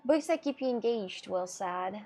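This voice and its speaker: A woman streaming, chatting casually and reading chat aloud, halting often with fillers and restarts. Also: medium pitch, expressive, warm tone.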